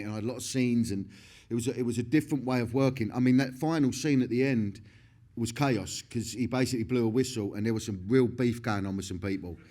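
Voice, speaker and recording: A man's voice: mid-range voice, darkish tone. Profane laughing man. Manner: profane, laughing, rambling with many restarts. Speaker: actor interviewed on stage. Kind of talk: candid on-stage interview.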